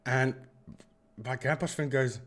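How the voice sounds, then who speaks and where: Mid-pitched man, live-stream host, loose and digressive, keeps restarting his sentences. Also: fairly even intonation, unhurried, a bit bright. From South Africa. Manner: rambling, digressive storyteller who often restarts sentences. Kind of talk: casual live-stream chat.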